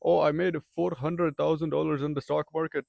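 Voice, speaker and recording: A man's voice: fairly high pitch, level tone, brisk, creaky, darkish tone, no echo, pitched above the performer's own voice. A man mimicking an Indian-accented coworker. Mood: boastful. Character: male coworker in his thirties, earnest, boastful.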